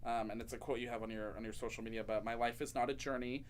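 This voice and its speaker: Chatty animated male talk show host. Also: medium pitch, quick pace, a little hiss or hum. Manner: chatty and animated, laughs often, playful campy asides. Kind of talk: casual interview chat.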